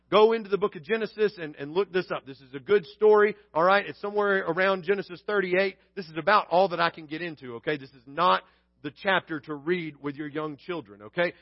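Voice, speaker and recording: Guy preaching with a high voice, casual and funny, muffled lo-fi sound. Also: no room sound. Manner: conversational, acts out quoted lines with humor. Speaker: pastor. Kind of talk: sermon.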